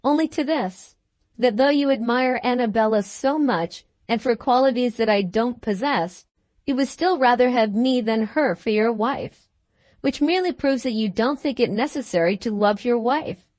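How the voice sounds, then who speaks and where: A woman voicing a meek, nervous young wife in a storybook, soft and hesitant. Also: on the high side, normal speed, no room sound, close to an everyday voice. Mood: plaintive. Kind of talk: storybook dialogue.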